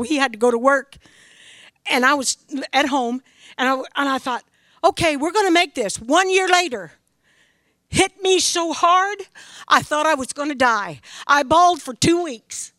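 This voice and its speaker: A woman's voice: high voice, bright, forceful tone, dry recording, clean studio sound. A middle-aged woman from Missouri giving an earnest, emphatic spoken testimony about her faith as a grieving mother.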